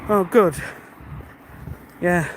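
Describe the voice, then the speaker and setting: Out on a dark country road, birds and passing cars faintly audible behind him, a British livestreamer reads his chat as he walks. He speaks very slowly in a high-sitting voice, friendly and musing aloud, and the recording is rough.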